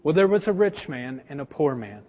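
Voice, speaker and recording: A man preaching, voicing a solemn older prophet in a low, hushed, measured voice. Long hall reverb, dull lo-fi sound. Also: very animated.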